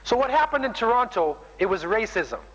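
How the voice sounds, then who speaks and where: Emphatic male preacher, bright forceful tone, reverberant hall. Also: high voice, sing-song, a little fast. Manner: emphatic, keeps tagging sentences with "man". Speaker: Muslim preacher. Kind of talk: sermon.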